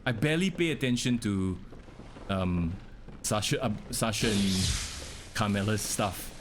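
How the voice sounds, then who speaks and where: A man's voice: lowish voice, animated, unhurried. Young male streamer, casual running commentary, faint background noise. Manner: chatty, talks to chat, reacts to the game. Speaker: game streamer.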